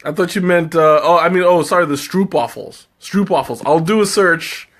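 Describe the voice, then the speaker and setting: A man hosts a casual live tea tasting and reads out viewer comments. His voice sits somewhat high for a man. He is chatty, laughs easily, and often restarts sentences as he thinks aloud. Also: moderate pace.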